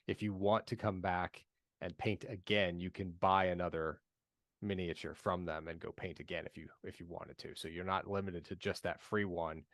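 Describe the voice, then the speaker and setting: A man with a very low voice walks through details in a relaxed group chat. He rambles, restarts his sentences and keeps explaining. The sound is close and dry. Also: dry recording. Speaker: podcast regular.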